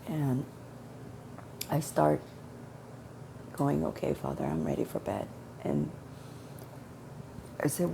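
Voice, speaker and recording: A woman's voice: sits low, creaky, background noise. A woman telling a personal religious testimony in an earnest, repetitive storytelling way, quoting her prayers. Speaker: testimony speaker.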